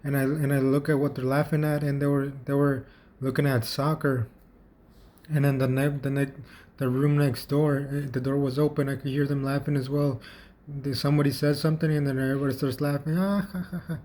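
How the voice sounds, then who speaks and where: Flat-voiced man telling a story. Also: mid-range voice. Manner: halting, with frequent restarts and repeated words. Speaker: vlogger. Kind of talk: casual first-person storytelling.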